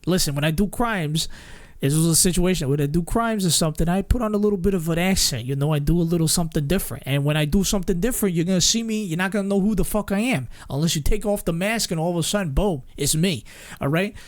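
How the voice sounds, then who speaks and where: A man's voice: high voice, fast, close to an everyday voice. A man doing a brash New tough guy. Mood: swaggering. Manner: swaggering, tough-guy, swearing. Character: brash male street criminal with a New York swagger.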